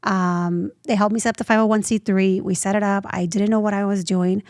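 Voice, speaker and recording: A woman in her thirties, a nonprofit founder telling her story as an interview guest, lively and acting out the voices she quotes. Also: medium pitch, a little fast, dry recording, studio quality. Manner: animated, acts out quoted voices.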